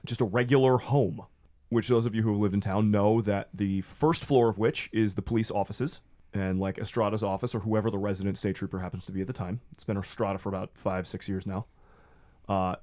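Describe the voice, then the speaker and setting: A man's voice: fairly low pitch, fairly even intonation, a little fast, darkish tone. A man serving as game master, narrating a tabletop game in a casual way with filler words.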